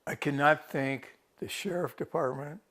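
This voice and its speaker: A man's voice: on the high side, steady tone, unhurried, fairly bright tone. A man who was rescued after getting lost on a hike tells the story to a TV reporter in a rambling, casual way. He often restarts his sentences and quotes his own thoughts. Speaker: rescued hiker interviewed by a TV reporter. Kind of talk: casual first-person account.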